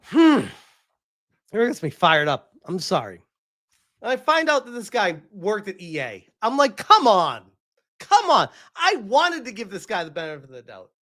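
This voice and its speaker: A gaming streamer rants on a live stream, exasperated and heated, tearing into his subject and swearing repeatedly. His pitch leaps and dives as he goes, very animated, at a moderate pace.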